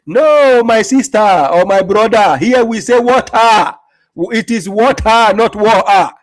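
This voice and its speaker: A man putting on the voice of a patient local adult who corrects a visitor, speaking slowly and firmly. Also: high voice, pitched above the performer's own voice. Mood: insistent. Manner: slow, emphatic, correcting.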